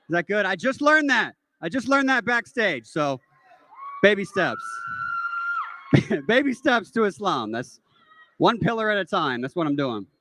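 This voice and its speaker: A man's voice: high-pitched, pushed and bright, no echo, poor audio. A man performing a stand-up comedy set with a self-deprecating, conversational delivery.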